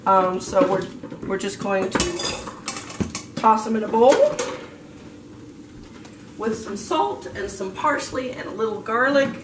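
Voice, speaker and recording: A woman's voice: mid-range voice, slow, pauses often. Chatty woman demonstrating cooking, distant and echoey. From half Australian. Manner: chatty, explains as she cooks, many fillers. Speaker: home cook. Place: home kitchen. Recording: echoey room, distant mic, kitchen noise.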